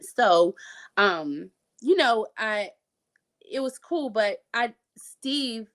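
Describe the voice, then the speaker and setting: A woman's voice: fairly high pitch, lively intonation, very slow, fairly bright tone. A young adult woman casually telling her own health story as an interview guest, chatty with many fillers and restarts. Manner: chatty, frequent fillers and restarts, occasional laughs.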